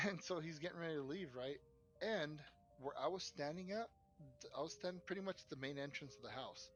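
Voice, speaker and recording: A young man co-hosting a podcast, casually telling a story in an animated, profane way and acting out what people said. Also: fairly high pitch, brisk, faint music behind. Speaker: podcast co-host.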